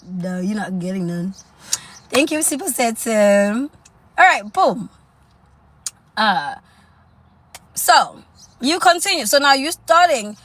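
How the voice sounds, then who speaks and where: A woman's voice: on the high side, big pitch swings, takes it slowly, pauses often, a bit bright, no room sound. Woman livestream host, casual coaching talk, sassy and chatty, quips at commenters. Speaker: self-improvement livestream host.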